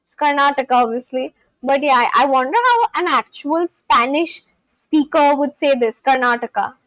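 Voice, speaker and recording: Woman, high voice, chatty live streamer, dry close sound. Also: moderate pace, a bit bright, no echo, poor audio. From India (Kolkata, West Bengal). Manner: chatty, repeats phrases aloud, then translates them. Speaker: streamer learning a language. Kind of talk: casual live-stream chat.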